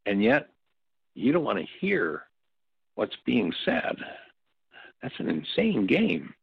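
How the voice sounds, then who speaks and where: Deep, gravelly older man teaching. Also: wildly swooping pitch, no room sound. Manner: reflective, halting storytelling. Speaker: workshop leader and teacher. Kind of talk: spoken teaching talk with stories. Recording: dull, dry lo-fi audio.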